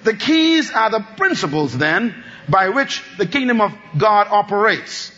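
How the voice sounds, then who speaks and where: High, lively voiced preacher man. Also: unhurried, dull audio. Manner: animated preaching, swings between shouting and low asides, laughs often. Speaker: pastor. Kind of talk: sermon.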